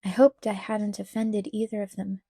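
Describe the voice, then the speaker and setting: An audiobook reader, a woman with a mid-range voice, narrates a novel in a measured, even storytelling manner. This is scripted narration, recorded dry at studio quality.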